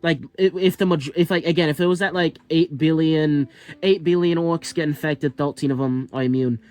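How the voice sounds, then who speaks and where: A man's voice: on the high side, a little mellow. A man musing aloud in a casual, speculative monologue, rambling with lots of fillers and restarts. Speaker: commentator.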